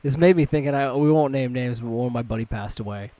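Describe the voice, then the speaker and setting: A man's voice: mid-range voice, fast, warm tone, dry recording. A young man co-hosting a podcast, casually telling stories and swearing freely between friends. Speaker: podcast co-host. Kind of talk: casual chat.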